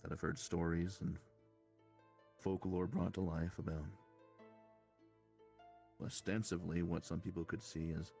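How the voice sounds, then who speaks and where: A man speaking in character in a tabletop game, explaining his reasoning at length in a measured, deliberate way. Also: low voice, flat delivery, vocal fry, darkish tone, faint music behind. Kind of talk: in-character tabletop role-play.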